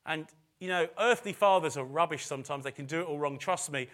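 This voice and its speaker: Man, middle-aged, church sermon, bright tense tone, casual self-mocking asides. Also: on the high side, fast talker. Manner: conversational, with self-deprecating asides; repeats phrases for emphasis. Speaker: preacher. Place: church service.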